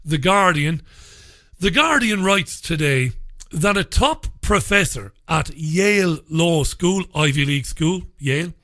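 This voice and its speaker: A man's voice: fairly high pitch, animated, unhurried, bright, forceful tone. Sarcastic, brash male radio host. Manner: sardonic, sarcastic; blunt, swears freely. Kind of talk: talk radio monologue, reading listener messages.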